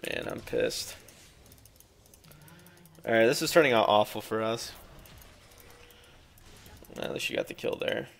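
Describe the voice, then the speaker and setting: Young man, gameplay commentary, gravelly, lively swings in pitch, frustrated and cursing. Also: measured pace, long pauses, a little hiss or hum. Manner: frustrated, swearing, exclaiming. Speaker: gameplay streamer.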